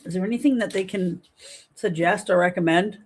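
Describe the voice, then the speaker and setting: A woman's voice: fairly low pitch, fairly quick, husky. Chatty middle-aged woman hosting a livestream. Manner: chatty, animated, reads viewer comments aloud. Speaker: livestream host. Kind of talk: casual livestream chat reading comments.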